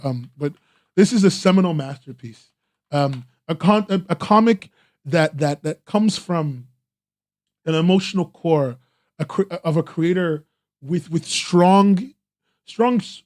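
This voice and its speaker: A man talks through webcomics in an easy, rambling stream style, peppering every thought with "like" and starting sentences over. His voice sits a little high but has a warm, mellow tone. The sound is dry and close, with no room around it. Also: dry recording. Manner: rambling, full of "like" and restarts, eager praise. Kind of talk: casual live-stream commentary.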